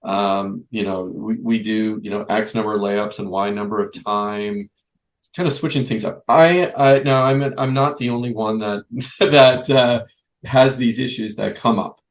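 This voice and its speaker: A man's voice: lowish voice, a little slow, low-quality recording. A man hosting a youth basketball coaching podcast, thinking aloud with many restarts and fillers. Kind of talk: conversational podcast interview.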